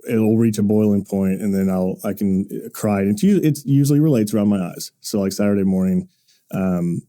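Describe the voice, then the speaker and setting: A man in his thirties on a podcast, telling a personal story in halting, earnest bursts with frequent restarts. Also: fairly low pitch, mellow. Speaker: podcast co-host. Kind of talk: casual podcast chat.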